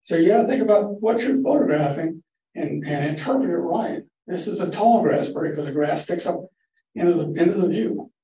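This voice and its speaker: Captured from a distance in an echoey library meeting room with faint hiss, an older man presents a slide show as a guest of a photography club. His high, mellow voice is lively in intonation and fairly quick as he rambles casually through folksy stories.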